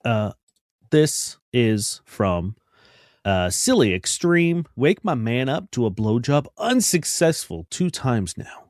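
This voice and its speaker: Male co-host, reads letters out wryly, lively up-and-down delivery, dry close sound. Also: medium pitch, slow, no room sound. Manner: wry, mocks people with put-on quotes. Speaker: podcast co-host. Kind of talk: casual chat, reading listener letters aloud.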